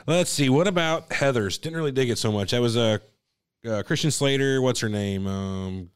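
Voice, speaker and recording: A man's voice: mid-range voice, moderate pace, clean tone. A man co-hosting a podcast, casually swearing as he calls out the films they discuss. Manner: laid-back, profane, picks the films. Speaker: podcast co-host. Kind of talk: casual chat.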